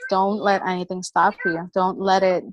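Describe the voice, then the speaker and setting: Energetic woman sharing a motivational story. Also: lowish voice, moderate pace, muffled recording. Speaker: motivational speaker. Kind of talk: personal motivational talk.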